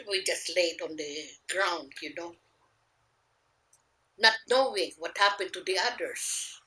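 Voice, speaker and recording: An older woman speaks in a fairly low voice, slowly and haltingly, with pauses and restarts. She is recalling her memories for an interviewer. The room is echoey, with a faint ambient hum underneath. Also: bright, forceful tone. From Philippines. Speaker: grandmother recounting wartime memories. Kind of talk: oral history interview.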